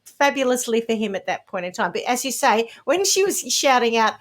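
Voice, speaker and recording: High-voiced woman with dry asides. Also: very animated. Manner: dry interjections, quick asides. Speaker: podcast co-host. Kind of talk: casual chat.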